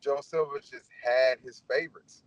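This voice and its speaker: Blunt, profane ex-fighter telling stories. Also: male voice, mid-range voice, fairly even intonation, normal speed, no room sound, muffled recording. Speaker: former fighter telling his story. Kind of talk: casual storytelling Q&A.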